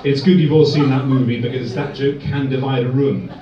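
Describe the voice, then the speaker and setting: Deadpan man doing stand-up from afar. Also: medium pitch, a little fast, distant mic, a crowd in the background. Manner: deadpan one-liners. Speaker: stand-up comedian. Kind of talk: stand-up set. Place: comedy club room. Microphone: far phone recording. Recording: echoey dull phone recording from afar.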